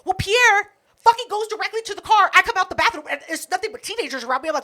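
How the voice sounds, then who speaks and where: A woman's voice: extremely high pitch, expressive, fast talker, bright, forceful tone. A woman co-hosting a podcast, retelling a night out in a casual, profane chat full of quoted back-and-forth. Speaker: podcast co-host.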